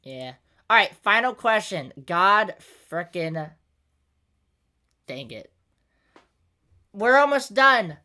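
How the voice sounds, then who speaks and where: A woman's voice: medium pitch, very animated, slow pace, long pauses, pushed and bright. A woman hosting a casual podcast, talking in an exasperated rant and swearing freely. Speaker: podcast host.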